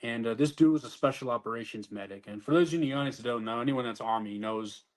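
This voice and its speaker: A man's voice: mid-range voice, fast. A man who served as an army soldier, telling his story in a blunt, profane, conversational way and acting out what others said to him.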